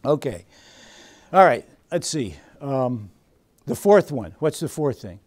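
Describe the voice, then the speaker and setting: A man leads a training seminar in a lively, engaging way. He fires questions at the group and steps into little role-plays to make his points. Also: mid-range voice, slow pace. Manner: animated, quizzes the audience and acts out scenes. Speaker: seminar presenter. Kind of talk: interactive seminar teaching.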